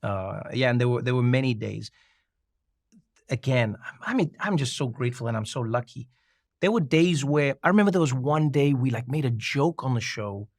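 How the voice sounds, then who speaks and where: A man telling a personal story as a guest in an interview, lively and quick to laugh, often repeating and restarting himself as he gets excited. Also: mid-range voice, no room sound, studio quality.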